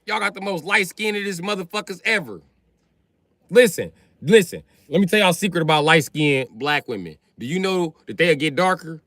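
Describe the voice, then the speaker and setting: A man's voice: a little high, expressive, moderate pace, a bit bright, dry recording. A man hosting a livestream, ranting crudely and teasing his chat as he riffs off their comments. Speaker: livestream host. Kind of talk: profane comedic rant to chat.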